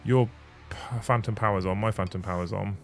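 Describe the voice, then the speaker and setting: Faint music sits behind a man's lowish, creaky voice, which keeps a steady tone at a fairly quick pace. He's a livestream host swearing freely and chatting casually while sorting out his audio settings through a studio mic on a desk mixer.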